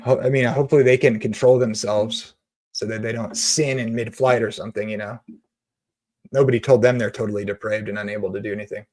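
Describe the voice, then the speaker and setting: A man's voice: fairly low pitch, steady tone, quick pace, a little mellow. A man hosting a Christian video, ranting with passion and sarcasm about theology, then reading comments.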